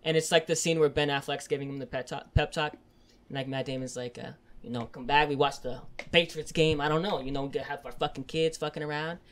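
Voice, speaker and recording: A man's voice: a little high, steady tone, a little fast, a bit bright, slight background noise. A man co-hosting a podcast, retelling film scenes in a rambling, profane way with lots of fillers. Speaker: podcast co-host. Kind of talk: casual chat.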